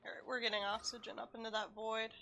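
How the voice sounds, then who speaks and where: Woman streamer, casual game commentary, slightly high and very bright, mutters to herself, swears often. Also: little pitch movement, quick pace, creaky, slight background noise.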